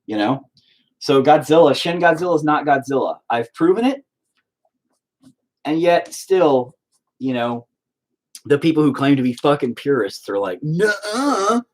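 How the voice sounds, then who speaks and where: Husky man ranting with lively pitch. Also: moderate pace, long pauses. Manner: profane, ranting and exasperated. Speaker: streamer painting live. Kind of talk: casual livestream chat.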